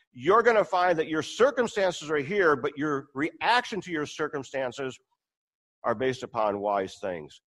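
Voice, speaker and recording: A male pastor delivers a sermon in a fairly high voice. He speaks earnestly and emphatically, returning again and again to his central question. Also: a bit bright. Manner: earnest, repeats key question, emphatic swings.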